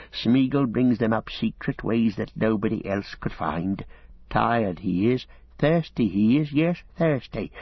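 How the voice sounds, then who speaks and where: A wretched, sly creature hisses and whines, his voice leaping up into thin squeaks and sinking again. The tone is breathy and husky. It sounds dry and slightly muffled, like a close studio read. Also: no room sound, exaggerated voice. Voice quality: hissing, wheedling, jumps to high squeaks. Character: wretched hissing male creature, sly and whining. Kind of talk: audiobook character voice.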